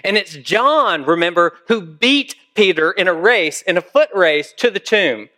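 Male preacher, a little high in pitch, talks to the congregation like a chat and keeps asking them questions. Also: animated, measured pace, bright, forceful tone. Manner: conversational, asks listeners questions. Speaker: pastor. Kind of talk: sermon.

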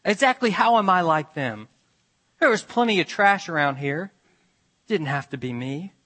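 A man preacher voicing an indignant, proud older farm woman who shouts angry rhetorical questions at God. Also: medium pitch, moderate pace, big-room sound, natural voice.

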